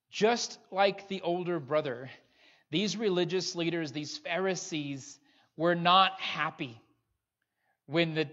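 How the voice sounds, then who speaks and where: A man's voice: high-pitched, fairly bright tone. A man preaching a sermon as pastor, earnest and pressing his listeners with rhetorical questions. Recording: dull lo-fi recording.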